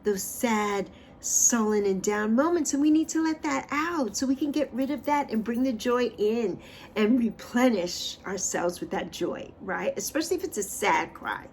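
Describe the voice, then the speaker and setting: Expressive woman in her sixties, spiritual host. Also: a little hiss or hum. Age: 60s. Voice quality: expressive, swings pitch and loudness for emphasis. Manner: repeats phrases, drawn-out affirmations. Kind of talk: tarot card reading and uplifting chat.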